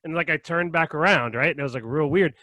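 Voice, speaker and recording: A young man on a podcast telling a story in casual chat, animated and profane, often checking in with "right?" and "okay?". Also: a little high, fast, no echo. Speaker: podcast co-host.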